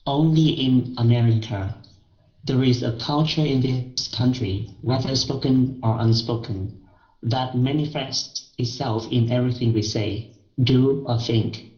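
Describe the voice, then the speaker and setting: A man learning English, reading a passage aloud and answering his tutor slowly with frequent pauses. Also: mid-range voice, a little mellow. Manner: slow and halting, with many "uh" pauses. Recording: roomy, muffled lo-fi recording.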